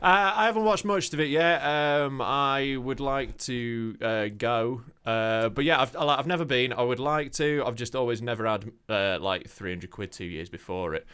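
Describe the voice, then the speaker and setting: A man's voice: medium pitch, normal speed, hardly any pauses, smooth. A man co-hosting a podcast, dropping dry, crude jokes in casual chat. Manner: deadpan crude quips. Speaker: podcast co-host.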